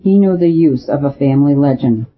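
A man voicing a calm, weary male priest detective, speaking in a quiet, measured, grave manner. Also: mid-range voice, natural voice. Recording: tinny phone-like audio.

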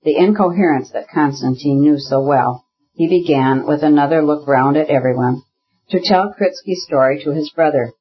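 A man narrating a classic novel in a measured, even storytelling manner. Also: fairly high pitch, breathy edge, muffled recording. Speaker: audiobook narrator.

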